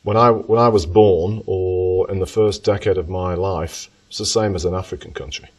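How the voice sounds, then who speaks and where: A man's voice: low-pitched, steady tone, normal speed, a little mellow, breathy edge. A man giving an economics talk to an audience and answering questions, thoughtful and emphatic, often correcting himself as he goes. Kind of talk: lecture with audience Q&A. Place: lecture room. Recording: voice from far off the mic.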